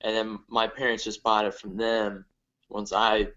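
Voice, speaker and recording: A young man from northern Ohio with a Midwestern accent talks as a podcast guest. His stories come out halting and hesitant. The recording sounds slightly dull. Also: fairly low pitch, flat delivery, fairly bright tone. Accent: Midwestern American. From northern Ohio, USA. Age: young adult. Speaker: guest comedian. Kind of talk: casual interview chat.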